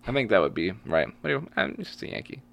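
Low, lively, teasing podcast co-host. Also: male voice, fast, gravelly. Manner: goofy, teasing, reads research aloud. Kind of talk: casual chat.

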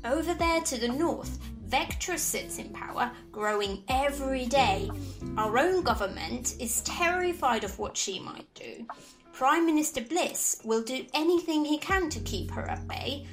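A man's voice: very high voice, animated, measured pace, fairly bright tone, faint music behind, pitched above the performer's own voice, exaggerated voice, rough recording. A man voicing a kindly, gossipy old female centaur shopkeeper in a tabletop game. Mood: chatty. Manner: gossipy, salesy. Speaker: game master.

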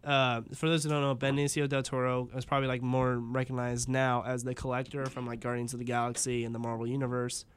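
A man's voice: medium pitch, completely flat delivery, quick pace, hardly any pauses, smooth. A man hosting a casual chat, rambling with lots of fillers and laughing often. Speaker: podcast host.

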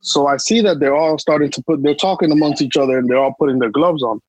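A young man tells his story in casual slang, repeating himself for emphasis. His voice sits a little high for a man and has a husky edge. The sound is close and dry. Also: fast, a little mellow, no echo, poor audio. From New York. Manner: emphatic, repetitive street slang. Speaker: podcast co-host.

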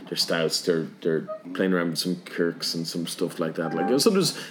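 Irish man, low voice, rambling bar-talk guest, faint room hum behind. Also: lively intonation, moderate pace. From Ireland. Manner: rambling, repeats words while thinking. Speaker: bar manager. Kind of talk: casual chat.

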